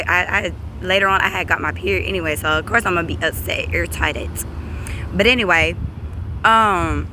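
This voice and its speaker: A woman's voice: mid-range voice, pushed and bright, a little hiss or hum. A woman vlogging outdoors, telling a story in loose, rambling bursts with restarts and free swearing. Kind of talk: casual storytelling vlog. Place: outdoors by a street.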